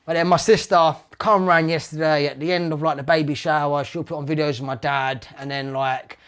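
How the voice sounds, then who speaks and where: A man's voice: fairly high pitch, steady tone, brisk, a bit bright, clear, resonant tone. A man in his thirties with an East London accent, talking at length as an interview guest in a casual, heartfelt, rambling way and filling his speech with "like", "man" and "mate". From East London, England.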